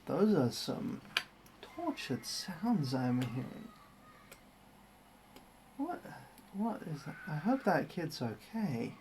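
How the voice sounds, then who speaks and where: A livestreamer chats casually while building a model kit, wry and easygoing as each step is narrated. The voice sits at a middle pitch. A faint hiss of noise runs underneath. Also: sing-song, slow, long pauses, a little mellow. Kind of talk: casual live-stream commentary.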